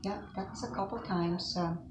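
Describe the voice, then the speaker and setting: Soft-spoken woman reminiscing, lowish voice. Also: fairly even intonation, moderate pace, echoey room, noisy background. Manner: rambling, soft-spoken recollection with fillers. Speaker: interviewee. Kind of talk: casual reminiscing.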